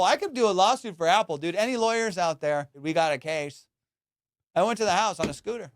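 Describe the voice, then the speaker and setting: A man tells a story on his own podcast, swearing freely and jumping into loud, high-pitched outbursts as he goes. His voice sits high and sounds smooth and clean. The recording is close and dry, with no room sound. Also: expressive, brisk, no room sound. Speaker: podcast host. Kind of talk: casual storytelling monologue.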